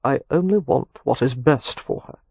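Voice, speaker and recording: A man's voice: medium pitch, vocal fry, darkish tone, slightly rough, no room sound. A man voicing Harrow, a cool formal doctor. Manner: formal, measured.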